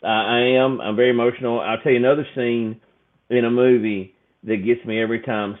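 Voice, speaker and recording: A man's voice: mid-range voice, slight background noise. A man talks casually on a podcast, emotional and rambling, full of restarts and fillers. His voice comes through thin and tinny, like a phone line. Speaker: podcast co-host. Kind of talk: casual chat.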